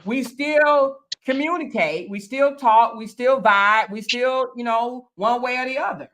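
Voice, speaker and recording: Woman host, casual group chat, blunt, cussing, repeats herself, slightly high voice. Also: unhurried, fairly bright tone, slight background noise. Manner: blunt, swears freely, repeats phrases for emphasis. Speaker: panel host.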